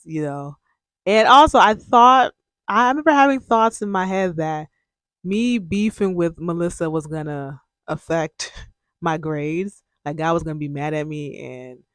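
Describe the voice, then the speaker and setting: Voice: medium pitch, fairly bright tone, no echo. A young adult podcast host candidly retelling a personal story in a casual, emotional way, often quoting their own past words. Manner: candid and emotional, breaks into laughs and tears.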